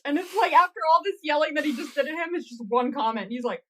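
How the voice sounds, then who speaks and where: A woman's voice: sits high, animated, quick pace, fairly bright tone. A woman co-hosting a podcast, reacting expressively and laughing often while recapping a show. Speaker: podcast co-host. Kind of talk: casual recap chat.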